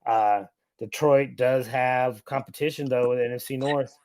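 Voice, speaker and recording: Brief: male panelist, steady explanatory football talk, dry close mic. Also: medium pitch, normal speed, no room sound. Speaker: podcast panelist. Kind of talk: casual sports chat.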